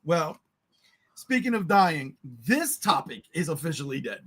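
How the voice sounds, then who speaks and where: A man's voice: fairly high pitch, big pitch swings, unhurried, a bit bright, slightly rough. A man hosting a casual podcast, joking and moving the talk along. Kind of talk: casual chat.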